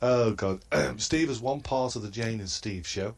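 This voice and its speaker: A man doing a comedy roast in a halting, hesitant delivery and chuckling at his own crude jokes. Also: mid-range voice, creaky. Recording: noisy line.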